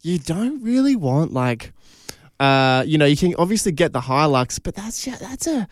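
A man's voice: fairly high pitch, sing-song, no room sound, studio quality. An Australian man co-hosting breakfast radio, chatting in an easygoing, rambling way. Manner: chatty, easygoing, drawn-out storytelling. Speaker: radio co-host. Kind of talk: casual breakfast radio banter. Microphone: studio microphone.

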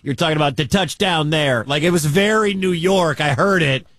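Chatty Midwestern sports radio host. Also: male voice, fairly high pitch, a bit bright, no room sound, studio quality. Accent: Midwestern American. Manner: chatty, conversational, quick asides.

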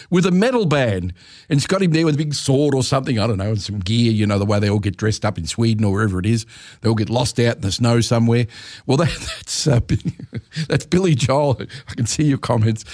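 A man's voice: mid-range voice, a little mellow, no echo, clean studio sound. A man hosting a music radio show, rambling and correcting himself with chuckling asides. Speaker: radio presenter. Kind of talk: casual radio chat.

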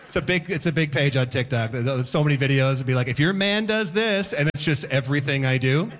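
A man performing a stand-up comedy set, animated and breaking into sudden loud outbursts as he acts out scenes. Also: mid-range voice, fast talker. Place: comedy club stage before a live audience.

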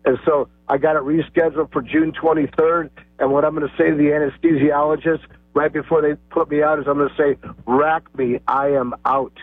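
A man's voice: a little high, flat delivery, brisk, no room sound, faint music behind. A man calling in to a radio show, rambling through a story. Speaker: caller. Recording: tinny phone line, dry.

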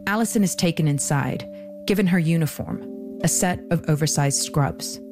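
Woman, low voice, documentary podcast narrator, measured scripted read, soft music bed.

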